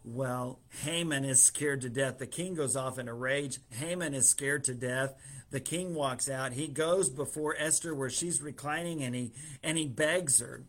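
A man's voice: on the high side, a little slow, fairly bright tone. A man preaching in a casual way, retelling a story through quoted dialogue with fillers and small chuckles.

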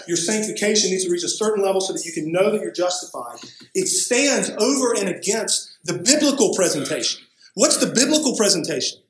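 A man's voice: high-pitched, echoey room, a little hiss or hum, poor audio. A male pastor delivering a sermon, emphatic, often checking in with "right?". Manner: emphatic preaching with frequent "right?" asides.

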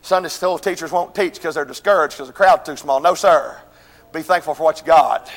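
A man preaching a revival sermon, swinging between shouted, chanted lines and quieter pleading passages. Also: fairly quick. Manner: shouting, chanting preaching with sudden drops to low intensity. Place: church. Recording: echoey church hall with congregation.

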